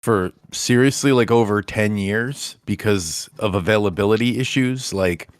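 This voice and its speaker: A man co-hosting a casual podcast, talking in a relaxed, rambling, self-deprecating way. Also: fairly low pitch, moderate pace, no room sound, studio quality. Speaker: podcast co-host. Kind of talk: casual chat.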